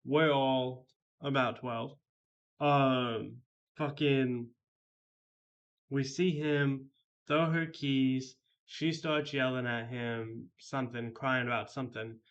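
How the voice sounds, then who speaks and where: A man's voice: medium pitch, steady tone, takes it slowly, dull audio. A man telling a story in a casual vlog, rambling and heavily profane with many fillers. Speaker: vlogger.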